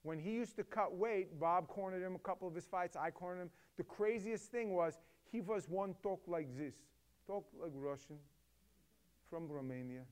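Passionate middle-aged man, slightly high voice. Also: normal speed. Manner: passionate, swings from loud emphatic bursts to hushed tones. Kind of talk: emotional storytelling to a co-host.

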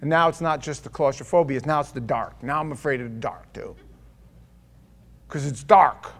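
A middle-aged preacher tells an audience a personal story with animated self-deprecation, swinging from loud outbursts to quiet confession and acting out his own thoughts. His mid-range voice is creaky and moves at a moderate pace.

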